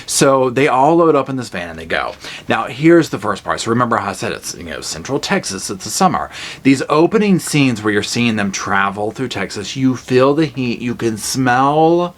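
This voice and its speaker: A man giving a casual, animated horror movie review, retelling scenes with blunt, jokey asides. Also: mid-range voice, moderate pace. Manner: animated storytelling with acted-out quotes.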